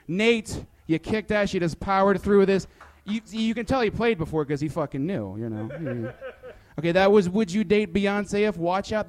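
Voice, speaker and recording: A young man, a stand-up comedian, running a playful bit and then chatting with a host, with a hesitant, filler-heavy way of talking. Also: high-pitched. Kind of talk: comedy bit then casual interview chat.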